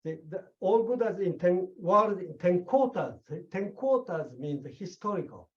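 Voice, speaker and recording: A man's voice: sits high, expressive, normal speed. A man teaching a Buddhist sutra in an emphatic lecturing manner, often checking understanding with "okay?" and "see?". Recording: dull lo-fi recording.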